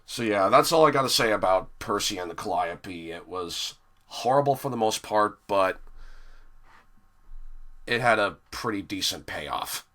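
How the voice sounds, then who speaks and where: A man's voice: on the low side, animated, measured pace, pushed and bright. A young man giving an exasperated, profane review monologue, sighing heavily between complaints. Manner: exasperated and profane, with heavy sighs. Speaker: episode reviewer.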